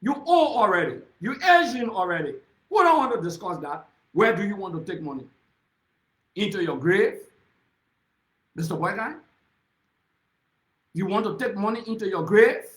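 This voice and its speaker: A high-pitched, bright-toned man with a Liberian accent delivers a fiery political speech. He hammers his accusations home and keeps calling his opponent by name. His voice rings out in a reverberant room. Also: animated, moderate pace, pauses often. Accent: Liberian English. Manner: accusatory, repeatedly addressing his target by name. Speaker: political speaker.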